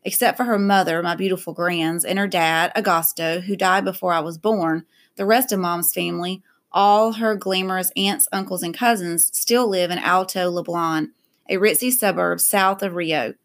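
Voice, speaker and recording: A woman reading a novel aloud in a steady, even narration. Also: lowish voice, normal speed. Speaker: reader.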